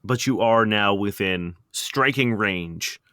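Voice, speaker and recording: A man narrating a tabletop game as game master, quick and lively, laughing now and then. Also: on the low side, smooth, no echo, clean studio sound.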